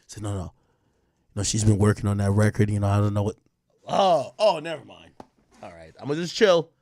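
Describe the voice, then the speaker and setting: A fairly high-voiced man with a very lively, jumpy pitch, hosting a casual livestream. He talks in a profane, rambling way and breaks into laughter often. He jumps from loud outbursts to low, muttered asides. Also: normal speed, vocal fry, pauses often. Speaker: livestream host.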